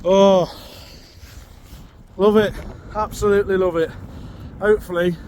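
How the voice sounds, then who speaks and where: A man vlogging while sea fishing on a windy shore, chatting excitedly to viewers and out of breath, recorded on his phone. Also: high-pitched, a little slow. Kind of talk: casual outdoor commentary to camera. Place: windy seashore outdoors.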